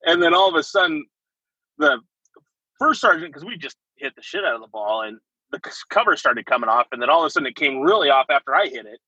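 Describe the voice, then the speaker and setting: Bright husky man telling army stories. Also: a little high, big pitch swings, fast talker, no echo, dull audio. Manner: laughs often while telling stories. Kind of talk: casual storytelling chat.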